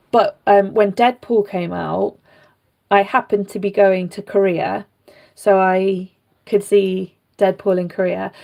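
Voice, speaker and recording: A young British woman rambles through casual chat as she works on a doll, her sentences full of fillers and sudden asides. Her voice is mid-pitched with a gravelly fry running through it. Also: warm tone. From Britain. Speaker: vlogger.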